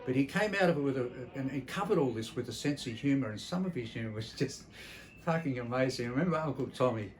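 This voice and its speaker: A man's voice: mid-range voice, lively intonation, quick pace, slight background noise, rough recording. An older Australian man giving a memorial tribute, telling family stories in a blunt, salty, reflective way with frequent hesitations. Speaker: entertainer presenting a memorial tribute.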